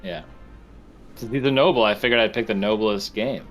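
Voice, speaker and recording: A man with a lowish voice chats eagerly as a tabletop player, joking and cheering his dice on. Faint music runs in the background. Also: normal speed. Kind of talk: casual tabletop game chat.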